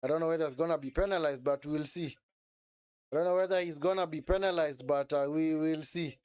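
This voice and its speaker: A man's voice: a little high, a little fast, clear, resonant tone, dry recording. A man hosting a live football watch-along, reacting to the match and asking viewers to subscribe. He repeats himself and keeps saying "man". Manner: animated, repeats phrases, says "man" often.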